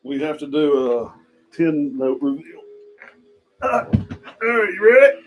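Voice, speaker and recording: A middle-aged man co-hosting a casual pipe-smoking chat, teasing his partner with quick wisecracks. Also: on the high side, sing-song, a little hiss or hum, poor audio. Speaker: podcast co-host.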